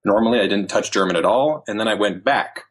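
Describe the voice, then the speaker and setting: A man in his thirties, a language learning author, chatting casually as an interview guest with lively quoted asides. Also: on the low side, fast, husky. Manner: animated storytelling with quoted asides.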